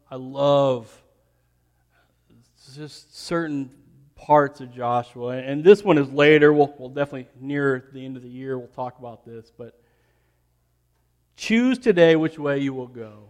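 A man preaching a sermon to graduates, telling a story with emphatic, rising peaks and soft, quiet asides. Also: mid-range voice. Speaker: pastor.

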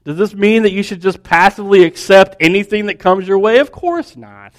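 A man preaching a sermon, building questions in a row and dropping to a soft hush. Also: high voice, brisk. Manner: animated storytelling preacher, dropping to soft hushed tones.

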